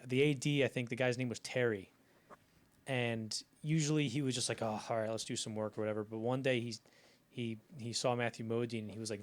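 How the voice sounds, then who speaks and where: A young man co-hosting a casual film-history podcast, rambling through anecdotes and acting out the people in them. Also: medium pitch. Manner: rambling, acts out anecdotes in quoted voices. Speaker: podcast co-host.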